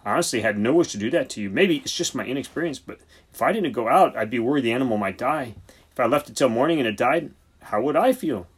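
A man's voice: medium pitch, lively intonation, fast, husky. A man voicing an earnest, defensive young junior vet in an audiobook. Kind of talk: audiobook character voice.

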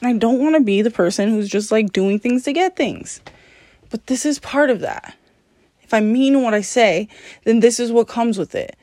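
A woman's voice: on the high side, animated, normal speed, warm tone. A woman hosting her own podcast, talking candidly and alone, swearing freely, mocking herself and laughing often. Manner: profane, self-deprecating, laughs often. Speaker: podcast host. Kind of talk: candid solo podcast monologue.

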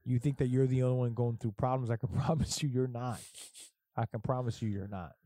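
A man's voice: medium pitch, steady tone, fairly quick, dark tone, no room sound. A middle-aged man telling stories in casual, profane chat, as a podcast host. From Puerto Rico heritage. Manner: profane, storytelling, emphatic.

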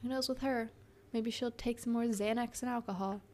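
A woman's voice: fairly high pitch, fairly even intonation, moderate pace, a little mellow. A young woman co-hosting a podcast, chatting casually and giggling as she recaps a TV episode. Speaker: podcast co-host.

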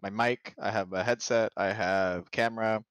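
A man co-hosting a casual podcast chat, talking loosely and excitedly, with many "like"s. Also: on the low side, normal speed, smooth, no room sound, highs cut off. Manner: chatty, says "like" a lot, excitable. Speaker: podcast co-host.

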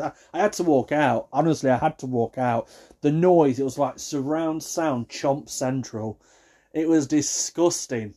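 A man ranting in a comic, exasperated way, jumping between hushed asides and loud outbursts. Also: mid-range voice, measured pace. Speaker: vlogger. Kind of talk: comic rant to camera.

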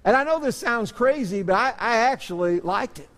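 A man's voice: extremely high pitch, lively intonation, moderate pace, a bit bright. A middle-aged man, a pastor, preaching a sermon in a church sanctuary, telling stories in an earnest, self-deprecating way. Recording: long hall reverb.

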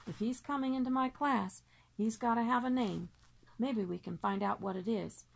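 A stern, brisk schoolteacher from a storybook, her voice pitched well up, loud and emphatic as she barks orders at her class, as a woman reader puts her on. The tone is gravelly and husky. She speaks in commanding exclamations. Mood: doubtful. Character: stern, brisk female first-grade teacher. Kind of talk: storybook read-aloud.

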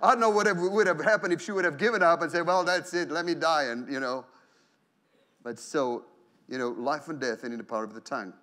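A man with a high-pitched voice preaches a sermon from a church pulpit. He is animated and acts out prayers and inner thoughts in different voices. His phrases often stumble, repeat and restart. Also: brisk. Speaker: pastor.

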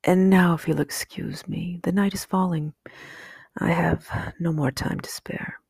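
A woman reading aloud, voicing a wise, stern old male owl who speaks slowly and formally. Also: fairly low pitch, very animated, gravelly, darkish tone, slightly rough, no room sound, studio quality, heavily acted. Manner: slow, grave and formal.

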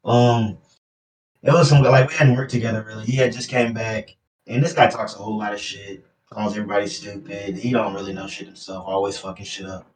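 A young man co-hosting a podcast, telling work stories in a casual, profane, animated way. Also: lowish voice, brisk. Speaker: podcast co-host. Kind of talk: casual chat.

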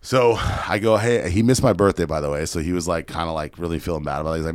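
A man telling a story in a casual podcast chat, animated and swearing freely. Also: sits low, dry recording. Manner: fast, profane, animated storyteller. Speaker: podcast guest, real estate investor.

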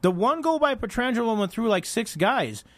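Male sports radio co-host, high voice, conversational and teasing, dry studio sound. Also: lively intonation, moderate pace, no room sound. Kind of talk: casual sports radio banter.

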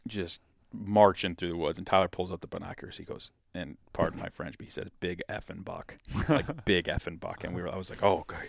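A man from Michigan telling a hunting story in a casual, animated way, acting out what people said. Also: deep voice, quick pace, gravelly, no room sound, studio quality. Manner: animated, acts out quotes in his story. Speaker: podcast guest, hunter.

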